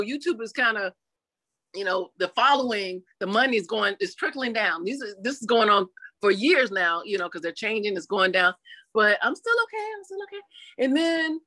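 A woman being interviewed in a casual chat, telling her story animatedly and acting out quotes in lively voices. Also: on the high side, no room sound. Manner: chatty, with frequent "you know" fillers. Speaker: interview guest.

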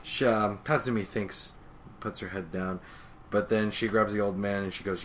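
A man with a low-pitched voice speaks quietly and casually as a podcast co-host, narrating scenes from a manga chapter. A faint hiss of background noise sits behind his voice. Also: fairly even intonation, moderate pace. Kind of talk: casual chat recapping manga.

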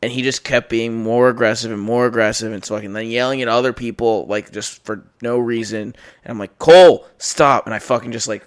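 A young man hosting a casual podcast, spinning a story with lots of "like" and swearing. He talks at an ordinary pitch and slips into quoted back-and-forth as he goes. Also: flat delivery, fairly quick, clear, resonant tone. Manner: rambling, profane, lots of fillers and quoted dialogue. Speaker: podcast host.

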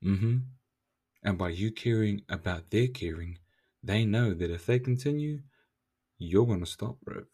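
A young man delivers a casual motivational monologue as a podcast host. He talks in a blunt, swearing, in-your-face way and pushes the listener hard. His voice sits on the low side. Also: moderate pace, dark tone, breathy edge. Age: young adult. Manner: blunt, profane, confrontational pep talk.

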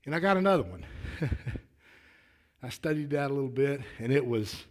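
A man preaching a sermon in a folksy, earnest way, often repeating words as he starts a thought and building to louder, emphatic declarations. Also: mid-range voice, animated, moderate pace. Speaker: lay preacher.

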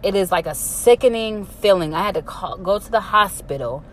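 A woman's voice: mid-range voice, animated, normal speed, a little hiss or hum. A young woman telling a candid personal story, blunt and emphatic, often cursing and filling with "like". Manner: blunt, profane and emphatic, with many fillers.

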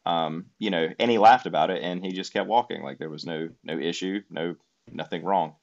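A man's voice: deep voice, brisk, creaky, highs cut off. A man telling a trip story in casual conversation, rambling with many fillers. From United States.

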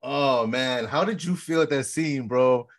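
A man co-hosting a casual podcast, excitedly retelling film scenes with lots of fillers and acted-out quotes. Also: medium pitch, measured pace. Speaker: podcast co-host. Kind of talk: casual film rewatch chat.

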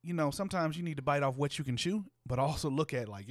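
A man's voice: on the high side, expressive, fast, few pauses, dry recording, studio quality. A man co-hosting a casual chat, playful and slangy, laughing often. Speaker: podcast co-host.

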